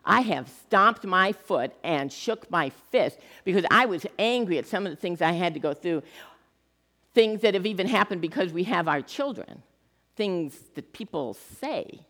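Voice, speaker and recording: A middle-aged woman pastor giving a sermon in a church, talking in an animated, conversational way with touches of humor. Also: on the low side, measured pace. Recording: long reverb of a church hall.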